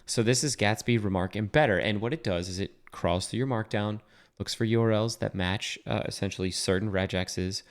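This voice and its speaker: A young man with a fairly low voice walks through a coding tutorial as he shares his screen. He talks casually and thinks aloud, with plenty of fillers and self-corrections along the way. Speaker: web developer teaching a coding tutorial.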